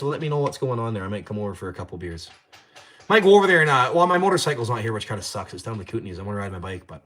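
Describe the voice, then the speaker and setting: A man's voice: lowish voice, fairly bright tone. A young man with a Canadian accent chats on a casual livestream from his garage. His talk is loose and rambling, sprinkled with swearing and cheeky trash talk, like someone answering chat while tinkering. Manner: rambling, profane, trash-talking. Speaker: livestream host. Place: home garage.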